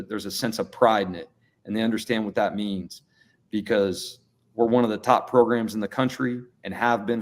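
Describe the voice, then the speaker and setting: A middle-aged man, a college basketball coach, giving earnest, plain-spoken interview answers and often repeating words as he thinks. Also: fairly low pitch.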